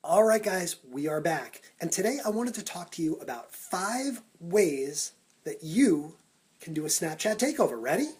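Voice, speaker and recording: A man vlogging for social media, talking in an energetic, punchy countdown style into a phone held at arm's length. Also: a little high, normal speed, breathy edge. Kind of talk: upbeat Snapchat vlog talk.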